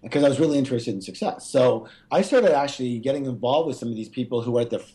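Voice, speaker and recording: A man guest on an interview, telling a personal story, often stumbling and restarting and jumping up in pitch when he acts out what was said. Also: fast. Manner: animated, acts out quotes with big pitch jumps. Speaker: guest author.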